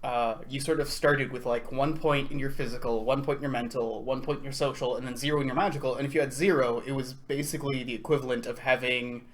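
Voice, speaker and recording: A man who runs a tabletop game, telling stories in a relaxed, playful chat. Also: mid-range voice, fast, few pauses. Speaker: game master. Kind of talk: casual podcast chat.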